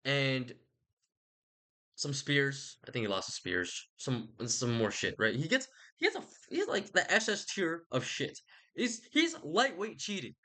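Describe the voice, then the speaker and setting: Young guy rambling about a book, super lively, bright voice, swears a lot. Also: medium pitch, unhurried. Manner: rambling, animated, slangy, profane. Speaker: host. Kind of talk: casual rambling book chat.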